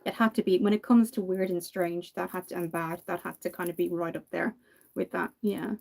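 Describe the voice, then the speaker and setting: A woman's voice: lowish voice, steady tone, fairly quick, vocal fry, darkish tone. An Irish woman in her thirties chatting casually while doing her makeup, telling stories and laughing often. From Ireland. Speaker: makeup vlogger.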